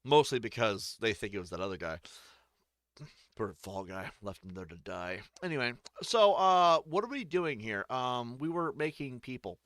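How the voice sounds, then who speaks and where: A man's voice: mid-range voice, lively intonation, normal speed, fairly bright tone, no room sound, studio quality. A man giving rambling, joking, profane let's-play commentary while playing a game. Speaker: gaming streamer.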